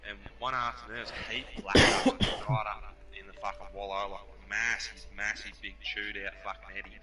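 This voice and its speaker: A man with an Australian accent telling hunting stories on a casual podcast, swearing freely and animated. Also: lowish voice, fairly quick, recorded from a distance, crowd noise. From New South Wales, Australia. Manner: profane, animated, laughs while telling stories. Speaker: podcast storyteller.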